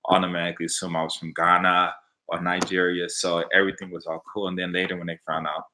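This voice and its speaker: A man from Los Angeles with an American accent, telling stories in a casual, animated way and acting out the voices of people he quotes. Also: low-pitched, quick pace, noisy background. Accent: American English. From Los Angeles, USA. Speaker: vlogger answering viewer questions. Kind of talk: casual storytelling.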